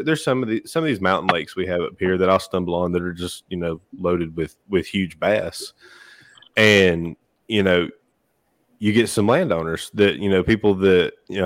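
Very deep-voiced rambling man. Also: no room sound. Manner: rambling, heavy on filler phrases. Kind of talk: casual chat. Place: podcast studio.

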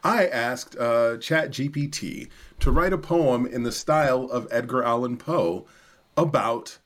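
A man's voice: mid-range voice, unhurried, fairly bright tone. A man co-hosting a podcast, talking earnestly and restarting his sentences. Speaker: podcast co-host. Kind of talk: podcast discussion.

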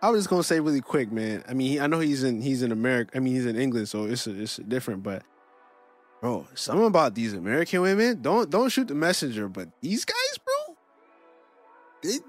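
Animated Canadian podcast guy, emphatic. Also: medium pitch, fairly quick, soft background music. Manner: emphatic, says bro a lot. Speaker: podcast co-host. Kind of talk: casual chat.

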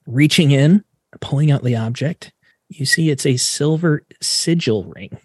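Relaxed chatty man running a tabletop game. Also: mid-range voice, unhurried, breathy edge, no echo, clean studio sound. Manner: relaxed, chatty, filler-heavy. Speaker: game master.

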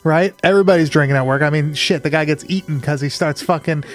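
A man co-hosting a podcast, chatting casually about a movie in an excitable, rambling, profane way. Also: fairly high pitch, quick pace, soft background music. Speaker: podcast co-host.

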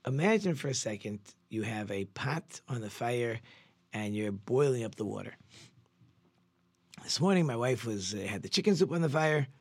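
A male rabbi teaches Torah in a lively storytelling manner, jumping up in pitch for emphasis and often restarting his sentences. His voice sits at an ordinary middle pitch and sounds dry and close, with no room around it. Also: moderate pace, breathy edge, no room sound. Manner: animated storytelling with sudden pitch jumps; conversational, with frequent restarts. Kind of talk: Torah lesson.

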